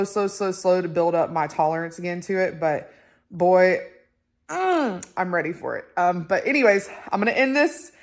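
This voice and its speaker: A young woman, chatting casually to camera, excitable and full of fillers. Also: mid-range voice. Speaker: vlogger.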